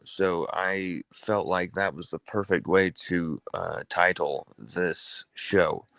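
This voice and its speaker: A man's voice: low voice, slow, vocal fry, few pauses, fairly bright tone, dry recording. A man hosting a casual sports talk livestream, rambling and conversational, often correcting himself mid-sentence. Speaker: sports talk show host.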